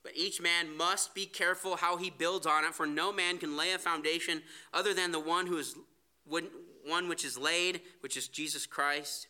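A man's voice: on the high side, steady tone, normal speed, sharp tone. A man preaching a sermon, earnest, reading scripture aloud. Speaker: pastor.

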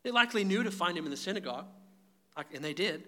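A man's voice: high-pitched, lively intonation, fast, sharp tone. A man preaching a sermon, emphatic and direct, often calling his listeners "guys". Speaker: pastor.

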